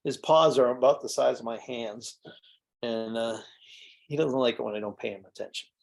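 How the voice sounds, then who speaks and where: A man's voice: medium pitch, moderate pace, gravelly. A middle-aged man, a mead maker, telling rambling anecdotes in a casual way at a tasting. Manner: rambling anecdotes with fillers and restarts. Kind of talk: casual storytelling during a tasting.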